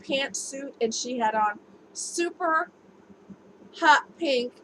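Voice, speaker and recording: A woman's voice: high voice, lively intonation, takes it slowly, fairly bright tone, low-quality recording. A woman vlogging casually to camera, talking candidly and laughing easily as she shares her experiences. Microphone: camera mic. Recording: home video with noticeable background noise.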